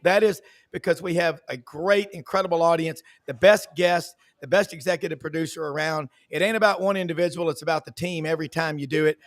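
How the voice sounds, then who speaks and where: A man's voice: on the high side, steady tone, brisk, few pauses. A man who hosts a casual sports talk show, telling folksy stories and heaping praise on his guests. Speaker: show host.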